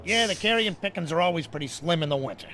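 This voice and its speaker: A man's voice: on the high side, animated, fast, sharp tone. A lewd, easygoing carrion bird from a video game, with a raised voice that bounces around a lot as he jokes. Faint game music hums behind him. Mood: crude joking. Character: crude, laid-back male carrion bird. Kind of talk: game dialogue.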